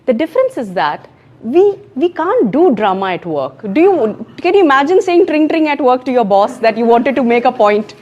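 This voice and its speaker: A woman with a Pakistani accent giving an emphatic, animated talk on public speaking at a club meeting. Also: high voice, moderate pace, muffled recording. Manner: emphatic and animated, mixing in Urdu phrases. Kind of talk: education session talk. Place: meeting room in a co-working space.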